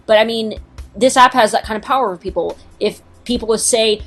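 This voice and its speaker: A woman's voice: fairly high pitch, fairly quick, fairly bright tone, faint music behind. Chatty, swearing woman podcast co-host. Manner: chatty, swears freely, trails off in fillers. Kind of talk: casual chat.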